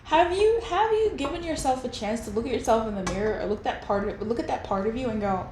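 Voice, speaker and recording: A woman's voice: a little high, expressive, fast, hardly any pauses, a little mellow, a little hiss or hum. A young woman giving a casual tarot reading, candid and chatty, swearing and laughing as she talks straight to her viewers. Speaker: tarot reader.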